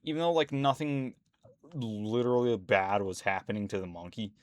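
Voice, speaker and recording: A man's voice: lowish voice, moderate pace, no room sound. A man at home, rambling indignantly as a YouTuber in casual ranting commentary, full of fillers.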